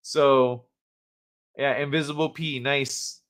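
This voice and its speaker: A man's voice: mid-range voice, fairly even intonation, a little slow, long pauses. A man hosting a casual livestream chat from the United States, rambling and laughing as he reads chat aloud. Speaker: livestream host.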